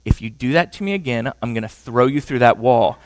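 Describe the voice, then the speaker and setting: A man voicing a big, stone-faced young husband who answers in flat, clipped words. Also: medium pitch, a little fast, no echo, pitched below the performer's own voice, close to an everyday voice, low-quality recording. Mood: threatening.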